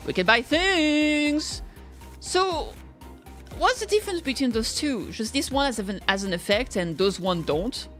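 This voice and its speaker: A woman's voice: on the high side, animated, moderate pace, faint music behind. A woman livestreaming a game, chatting with her viewers in a bubbly, playful and self-mocking way. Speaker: streamer. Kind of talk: casual gaming livestream chat.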